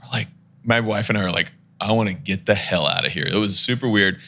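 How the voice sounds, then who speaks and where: A man telling a long, lively story in a casual podcast chat, laughing as he goes and acting out the people in it. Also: lowish voice, fairly quick, creaky. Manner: animated storyteller, laughs while talking, acts out the people in his story.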